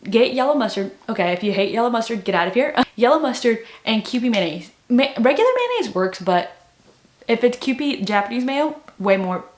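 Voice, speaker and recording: A woman's voice: a little high, expressive, fairly quick. A young woman chatting casually in a vlog, rambling with lots of filler words. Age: young adult. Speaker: booktuber. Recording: echoey room.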